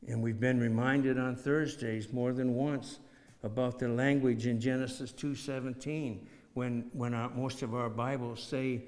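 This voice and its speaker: A man's voice: medium pitch, steady tone, a little slow. A man preaching an expository sermon, reading scripture aloud and repeating phrases for emphasis. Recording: long hall reverb.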